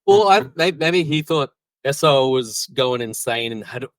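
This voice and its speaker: A man in a casual podcast chat, joking and animated, throwing out quick what-if remarks. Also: mid-range voice, no echo, low-quality recording. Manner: jokey, animated, quick to act out quotes. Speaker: podcast co-host.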